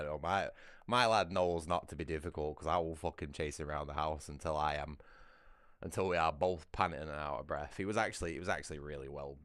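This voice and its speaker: A man's voice: rumbling low, a bit bright, dry recording, studio quality. A British man chatting casually on a livestream, rambling and swearing freely.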